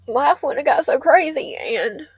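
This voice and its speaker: A woman's voice: sits high, expressive, measured pace, dry recording. A woman, rambling and heartfelt in a tearful casual livestream chat. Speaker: livestream host. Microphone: laptop or phone mic.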